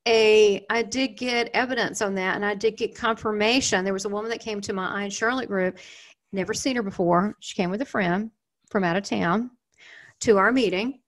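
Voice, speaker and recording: A woman's voice: medium pitch, normal speed. Southern lady rambling to her viewers, lots of ums and side notes, middle-aged, chatty. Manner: chatty, rambling, many fillers and asides. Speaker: channel host. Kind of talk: casual storytelling to viewers.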